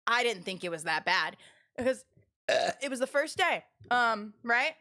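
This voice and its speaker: A young adult woman streamer telling stories to her chat in an animated way, laughing and restarting her sentences. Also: a little high, normal speed. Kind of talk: casual storytelling to chat.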